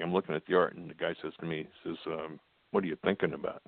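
Older american guy, deep gravelly voice, telling a story over a tinny phone line. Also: flat delivery, quick pace, no echo. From United States. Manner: plainspoken, with fillers and quoted dialogue. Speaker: guest.

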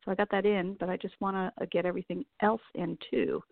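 A woman hosts a live show in a low, gravelly voice, chatting casually and a little scattered. The sound is dry and tinny, like a phone line. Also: steady tone, fast talker, no room sound. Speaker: talk show host. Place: New York.

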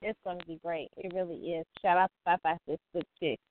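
A woman's voice: lowish voice, fairly even intonation, fairly quick. A woman co-host chats with sassy slang on a video call. Her voice comes through thin and phone-like, with a faint hiss underneath. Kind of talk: casual chat.

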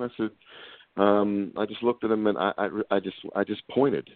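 A man from Pennsylvania, a guest researcher, telling an animated story on a call-in show and acting out the people he quotes. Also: fairly low pitch, a little fast, dry recording. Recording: tinny phone line, dry.

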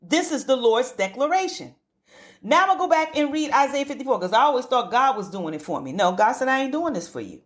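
A woman's voice: sits high, expressive, fairly quick. A woman preaching a fervent, emphatic sermon and repeating words for emphasis.

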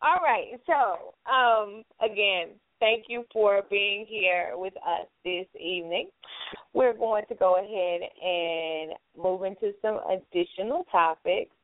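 A woman's voice: mid-range voice, slow, no room sound. Woman hosting over a tinny phone line. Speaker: talk show host. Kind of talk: hosting a call-in talk show.

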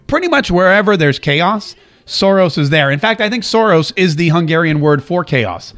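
Chatty, high-voiced male commentary host. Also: sing-song, normal speed, fairly bright tone. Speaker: show host. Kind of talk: casual political commentary, reading viewer comments. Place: at home.

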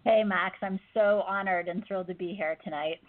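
Halting woman doctor on a phone line. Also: medium pitch. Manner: hesitant, many fillers and restarts. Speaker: gynecologist guest. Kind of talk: interview answers.

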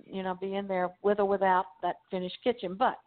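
A woman author as a talk-show guest, rambling through her stories in a relaxed, easygoing way and quick to laugh. Her voice sits at a middle pitch, and the sound comes through thin and tinny, like a phone call. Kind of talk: casual interview chat. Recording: phone-line interview audio.

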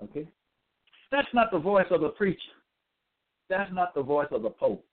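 A man giving a religious monologue with scripture readings, emphatic and repetitive, stressing words slowly. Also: high-pitched, sing-song. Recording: tinny phone-like audio.

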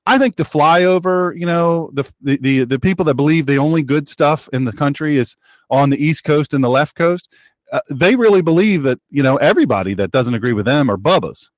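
A man's voice: a little high, animated, brisk, no room sound, studio quality. A man hosting a political talk show, delivering an opinionated, rambling monologue, repeating phrases for emphasis and reading out listener messages. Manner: reads listener chat messages aloud.

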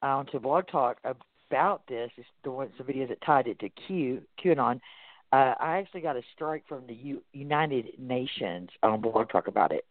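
A man with a Texas accent, hosting a talk radio show in a loose, casual way, stopping to read out articles and then weigh in on them. His voice sits at an ordinary middle pitch. It comes through a narrow, phone-like line that sounds dry and close. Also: animated, normal speed, dry recording. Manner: reads articles aloud and comments. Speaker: radio host.

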